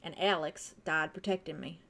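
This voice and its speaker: A woman voicing a grieving middle-aged male scientist who talks in a courteous, measured and coaxing way. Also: low-pitched, fairly even intonation, creaky, fairly bright tone, voice pushed down, exaggerated voice.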